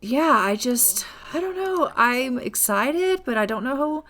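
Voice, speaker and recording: A woman's voice: on the high side, lively intonation, normal speed, close to an everyday voice. A woman voicing a young mother with a secret who talks in a gushing, flustered way.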